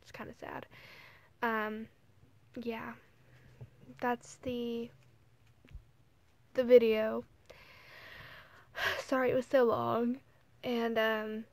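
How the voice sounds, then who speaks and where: Teenage girl, slow and tearful-sounding. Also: fairly high pitch, no echo. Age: teens. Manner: soft, hesitant, full of "like" and "you know". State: holding back tears. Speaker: vlogger. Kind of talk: casual emotional vlog.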